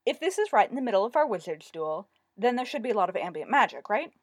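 A pompous middle-aged wizard who always insists he was right, his voice pitched high and loud, as a woman reads him aloud. He swings widely through his lines in a dry, close storybook reading. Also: big pitch swings, fast talker, dry recording. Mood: eager.

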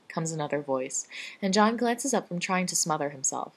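A woman reading a fan-written story aloud in a dry, even storytelling manner. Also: fairly low pitch, normal speed. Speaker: fan fiction reader.

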